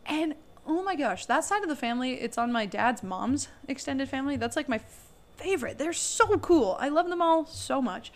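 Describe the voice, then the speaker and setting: Animated young woman telling family stories. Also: high voice, moderate pace. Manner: animated storyteller, acts out quotes, laughs often. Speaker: podcast co-host. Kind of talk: casual chat.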